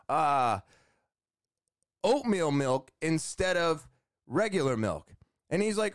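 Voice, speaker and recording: A man's voice: on the high side, big pitch swings, normal speed, dry recording, clean studio sound. A man hosting a podcast, telling a rambling, self-deprecating story and acting out the voices of people in it. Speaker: podcast host. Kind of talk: casual storytelling monologue.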